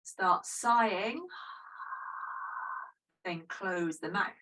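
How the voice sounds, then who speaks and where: Gentle woman teaching yoga breathing. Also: medium pitch, very slow, recorded from a distance, poor audio. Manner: gentle, chatty and self-deprecating. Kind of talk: guided breathing instruction.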